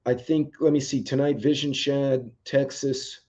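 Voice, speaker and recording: A man's voice: medium pitch, flat delivery, unhurried, a little mellow. Man rambling on a lo-fi live stream. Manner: rambling, chatty, with frequent ums. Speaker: livestream host. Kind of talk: casual live chat reacting to viewer comments. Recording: dull lo-fi stream audio.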